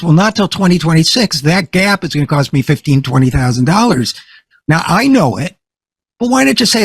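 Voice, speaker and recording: A man hosting a political interview, telling a story in a conversational, animated way. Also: sits high, a little fast, husky, no echo. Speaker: host.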